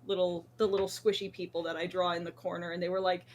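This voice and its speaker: A woman's voice: lowish voice, little pitch movement, fast talker, a little hiss or hum. A woman hosting a podcast in casual chat, a jokey, self-deprecating storyteller. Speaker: podcast host.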